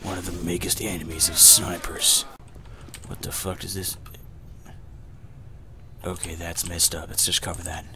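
A man doing a gruff gameplay narrator with a forced, strained voice pushed down very low. He mutters and curses as he plays, speaking to the viewers as "folks". Steady background noise and keyboard typing sit under him. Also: a little slow, pauses often. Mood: grumbling. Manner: mutters and swears while playing, addresses "folks". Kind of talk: gameplay commentary in a put-on voice.

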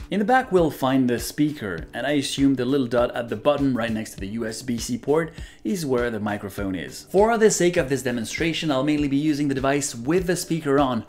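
Lively multilingual gadget reviewer. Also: medium pitch. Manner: lively, switches between several languages while testing. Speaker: product reviewer. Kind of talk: product review demo.

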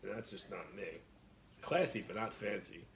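A man's voice: on the low side, normal speed, creaky, slight background noise. A man with a New York accent, hosting a casual live stream, joking and reading viewer comments aloud. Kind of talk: casual live-stream chat while eating.

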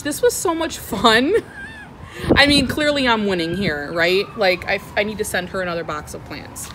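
A young adult woman vlogging outdoors, gushing and squealing with delight as she unboxes plants. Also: medium pitch. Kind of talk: excited unboxing vlog. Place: outdoors in the wind. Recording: wind noise on outdoor mic.

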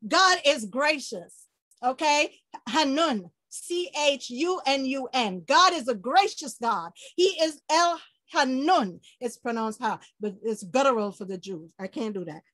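A woman preaching an informal online sermon, lively and laughing often, acting out quoted people with sudden shouts and low murmurs. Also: measured pace, no echo. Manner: quotes people in acted voices.

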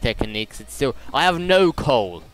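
A man's voice: medium pitch, big pitch swings, normal speed. A young British man streaming a game, chatting in a rambling, jokey way full of fillers. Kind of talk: casual gaming stream chat.

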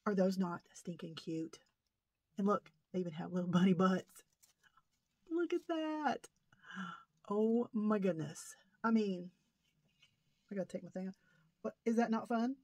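A woman's voice: on the low side, fairly even intonation, moderate pace, pauses often, warm tone, breathy edge, no room sound. A middle-aged woman, rambling folksily through a casual haul video. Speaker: crafting vlogger.

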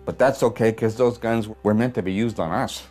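A man's voice: on the low side, fairly quick, darkish tone, faint music behind, close to an everyday voice. A man playing a bitter, haunted old working-class war veteran who talks coarse, profane and ungrammatical in a theatrical stage monologue. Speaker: stage performer in a one-man play.

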